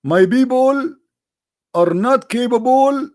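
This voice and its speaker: A man putting on the voice of a pleading, whiny man who begs his god for pardon in a raised, drawn-out voice. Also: very high-pitched, expressive, a little mellow, pitched above the performer's own voice, heavily acted.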